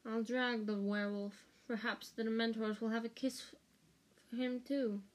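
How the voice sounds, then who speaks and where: A woman voicing a cold, spiteful male professor in a fan audiobook reading, with slow, soft, silky menace. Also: on the high side, level tone, natural voice. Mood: menacing.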